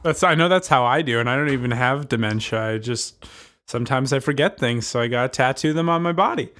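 A man's voice: medium pitch, fast talker, a bit bright, soft background music. A man co-hosting a casual comedic chat, rambling into goofy digressions with lots of fillers. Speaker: podcast co-host.

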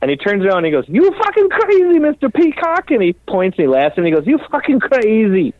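A man's voice: high voice, huge pitch swings, a little fast, no room sound, pitched above the performer's own voice. A boisterous, incredulous master builder barks out broken English in a raised, teasing voice, as a man mimics him. The sound comes over a tinny, phone-like line with a dry, close feel.

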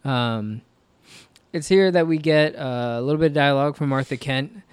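A man's voice: mid-range voice, normal speed, smooth, no echo. A man co-hosting a podcast in casual, rambling chat, full of fillers and jokes. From American South. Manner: rambling, filler-heavy, jokey. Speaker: podcast co-host.

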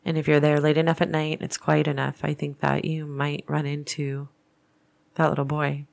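A woman's voice: low voice, little pitch movement, moderate pace, vocal fry, darkish tone. A woman hosting a paranormal podcast, telling a story in a chatty, rambling way with frequent restarts. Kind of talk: casual storytelling.

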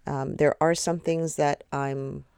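Woman podcast host, raspy and gravelly, tired, rambling casual chat on a dry close mic. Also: low voice, flat delivery, slow pace, darkish tone, no echo. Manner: rambling, hesitant, many fillers.

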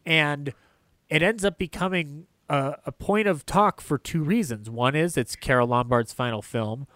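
A man's voice: a little high, moderate pace, fairly bright tone, no echo, clean studio sound. A man hosting a casual film discussion, enthusiastic and rambling, laughing often. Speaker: podcast host.

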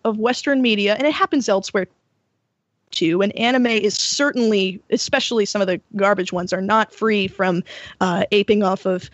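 A woman's voice: medium pitch, normal speed, no room sound. A woman co-hosting a podcast, ranting in casual chat and swearing freely. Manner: profane, ranting. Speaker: podcast co-host. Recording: dull lo-fi dry audio.

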